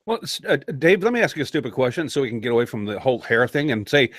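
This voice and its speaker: A man's voice: medium pitch, sing-song, fast, a bit bright, no room sound, studio quality. A man co-hosting a podcast, joking and teasing with frequent laughter. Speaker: podcast co-host. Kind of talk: casual podcast chat.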